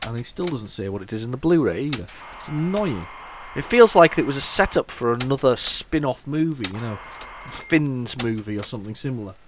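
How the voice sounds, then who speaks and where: A man rambles through casual gameplay commentary, thinking aloud and restarting his sentences. His pitch swings a lot, with excitable bursts. A faint hiss sits under his voice. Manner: excitable bursts over the game. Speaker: retro gaming channel host.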